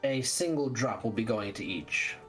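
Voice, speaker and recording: A man voicing a brisk, cool-headed female vampire doctor who speaks in a calm, clinical, matter-of-fact way. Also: mid-range voice, faint music behind, natural voice.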